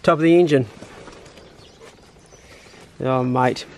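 A man's voice: mid-range voice, slow pace, heavy background noise. A man, chatting casually and slangily in his hunting vlog, first out on a farm and then indoors. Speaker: hunting vlogger.

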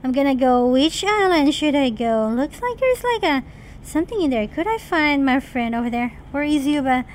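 A woman host talks through her game in casual, excitable commentary. Her voice sits high, and she keeps chattering to the characters on screen in a playful way. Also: normal speed, a little hiss or hum. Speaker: mom gaming channel host.

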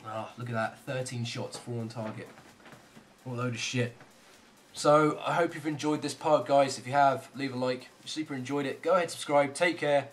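A man commentating his own online football game, ranting and swearing heavily, swinging between shouts and low muttering. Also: slight background noise. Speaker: gaming channel host. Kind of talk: live gameplay commentary.

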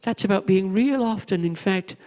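A man's voice: high-pitched, moderate pace, a little mellow, big-room sound. A man preaching a sermon as a pastor, telling a childhood story and speaking earnestly and reflectively about grief and hope. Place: church.

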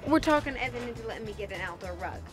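A chatty, playful woman in a casual family vlog. Her voice sits high and bounces around with plenty of movement, with music playing underneath. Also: animated, rapid-fire. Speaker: family vlogger, wife and mom.

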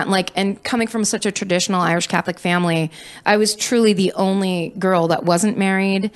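A woman's voice: mid-range voice, brisk. A woman in her thirties hosting a podcast, chatting casually and telling stories animatedly with a lot of swearing. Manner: animated storytelling with frequent likes and swearing. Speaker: podcast host. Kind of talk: casual chat.

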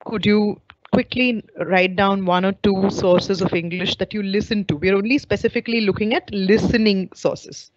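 A woman teacher trainer giving an online webinar lecture, explaining clearly and putting questions to her audience over a video call. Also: mid-range voice, fairly even intonation, normal speed. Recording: dull lo-fi online call audio.

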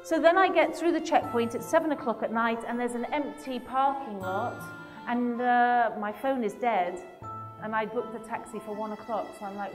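A woman's voice: fairly high pitch, moderate pace, over music. Woman telling a story in an echoing hall. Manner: vivid, emotional storytelling with acted-out quotes. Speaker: public speaker. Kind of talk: personal storytelling lecture.

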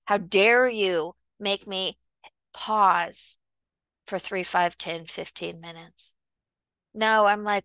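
Slow, earnest motivational woman. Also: mid-range voice, fairly even intonation, creaky, fairly bright tone, clean tone, dry recording. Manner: earnest, slow and deliberate, acts out little dialogues. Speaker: self-help speaker. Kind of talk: reflective motivational monologue.

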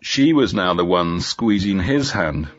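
Man, low voice, learner story narration, slow and clear, slightly dull audio, faint music. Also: animated. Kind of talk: graded reader story narration.

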